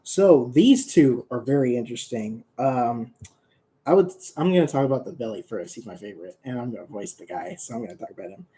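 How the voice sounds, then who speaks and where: A man's voice: medium pitch, expressive, brisk, dark tone. A young man casually chatting on a livestream about his comic characters, rambling, joking and laughing often. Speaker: comic creator streaming.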